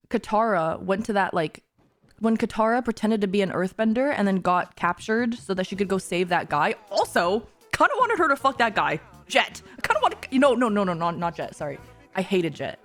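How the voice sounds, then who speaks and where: A woman streamer chats casually in a mid-pitched voice, gushing and giggling as she reacts to a show. She is excitable and swears freely. Soft music plays faintly underneath. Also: moderate pace.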